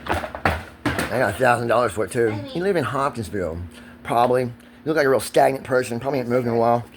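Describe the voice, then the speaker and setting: A man's voice: medium pitch, fast, background noise. A man, ranting in a profane, agitated and rambling vlog monologue recorded outdoors. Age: 40s.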